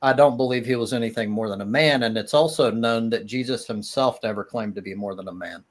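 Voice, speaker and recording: A man's voice: mid-range voice, brisk. A man talking casually in a live-stream debate, hesitant and full of restarts, defending his view with a dry laugh now and then. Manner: hesitant, many restarts and fillers, laughs at the idea of souls.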